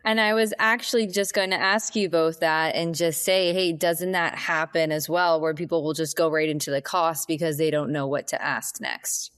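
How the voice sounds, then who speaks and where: A woman with a low voice co-hosts a podcast. She chimes in with questions and reads friendly plugs for the show's online resources. Her delivery is easy and conversational. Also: fairly even intonation, moderate pace, few pauses, a bit bright, clean tone. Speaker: podcast co-host. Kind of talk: casual podcast discussion.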